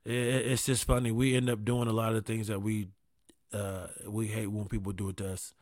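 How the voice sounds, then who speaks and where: A man telling casual comedic stories about gaming with his kid, profane and animated, with quick asides. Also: on the low side, dry recording, clean studio sound.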